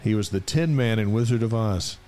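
Man, co-host, relaxed, reads dates and notes, casual sports chat. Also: lowish voice, a little fast, soft background music.

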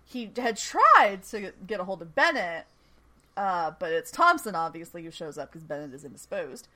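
A woman with a lowish, sing-song voice and a sharp tone talks at a normal speed. She's hosting a podcast and casually recapping a TV episode, chatty and enthusiastic, laughing often and using lots of fillers.

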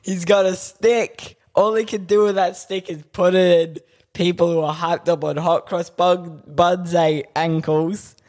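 A man's voice: high-pitched, fairly even intonation, a little mellow. A man chatting playfully as a podcast co-host, teasing and drawing words out for laughs. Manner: playful, giggly, drawn-out teasing. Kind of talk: casual comedic chat.

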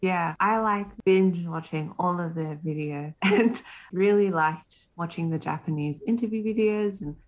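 A young woman in casual conversation, easygoing and quick to laugh, peppering her speech with "like". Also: fairly low pitch. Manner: easygoing, laughs often, uses "like" a lot. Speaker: interview guest. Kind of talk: casual chat.

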